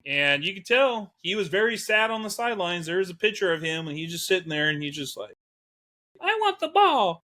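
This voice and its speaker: A man co-hosting a casual sports podcast, talking in an animated way, laughing often and reading out statistics. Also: sits high, fast, few pauses. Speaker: co-host.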